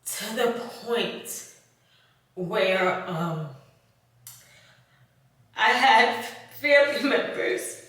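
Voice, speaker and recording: A woman YouTuber talking in a confessional vlog, emotional and halting, with sighs, fillers and a tight throat. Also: fairly high pitch, animated, a bit bright. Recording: very echoey room, voice far from mic.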